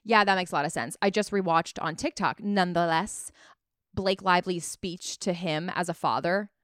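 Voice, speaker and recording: Smooth-voiced New York woman. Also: on the low side, normal speed, a bit bright, dry recording, studio quality. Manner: upbeat, reads out poll results. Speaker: podcast co-host. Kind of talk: casual chat.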